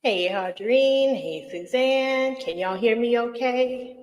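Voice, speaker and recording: A woman's voice: a little high, takes it slowly, rough recording. A middle-aged woman chatting casually on a live stream, effusive and rambling, greeting viewers by name and laughing often. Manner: rambling with many fillers and restarts. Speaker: vlogger hosting a live Q&A.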